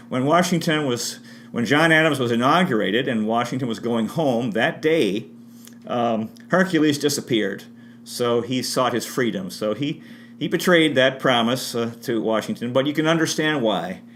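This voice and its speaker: A man's voice: mid-range voice, fairly bright tone. Rambling man retelling history, faint hum. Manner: rambling, frequent restarts and self-corrections. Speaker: history presenter. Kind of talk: unscripted history talk with spiritual asides.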